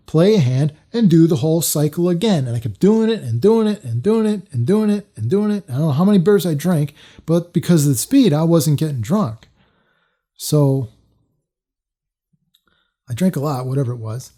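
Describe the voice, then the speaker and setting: Man vlogger, fairly high but mellow voice, rambling casual storyteller. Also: expressive, moderate pace. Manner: rambling, loose, with many fillers and restarts.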